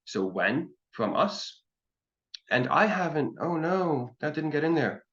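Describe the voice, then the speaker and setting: A man's voice: fairly high pitch, very animated, takes it slowly, a bit bright. A man teaching an online language class, explaining patiently step by step with frequent ums. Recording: dull lo-fi call audio.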